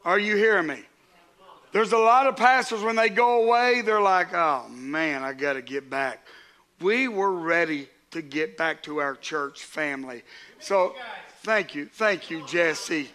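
A man's voice: high voice, measured pace, sharp tone. A man, a pastor preaching a sermon to his congregation in a conversational way, with asides to the crowd.

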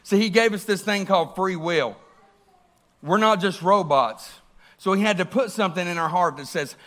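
A man preaches a sermon in a church, lively and questioning, often turning to the congregation. His voice sits high and has a bright, forward ring. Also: moderate pace. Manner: animated, asks the congregation questions.

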